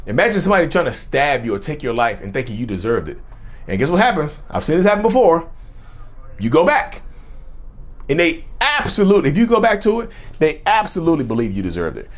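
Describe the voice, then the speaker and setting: A man's voice: on the high side, huge pitch swings, quick pace. A man giving casual talk-to-camera commentary on mental health, speaking straight to his viewers and often repeating and restarting his phrases.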